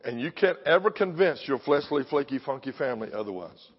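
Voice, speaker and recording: An older man with a medium-pitched, slightly breathy voice preaches a little fast with lively intonation, confronting the congregation with pressing questions in a punchy style. The church sanctuary audio sounds dull, with long hall reverb.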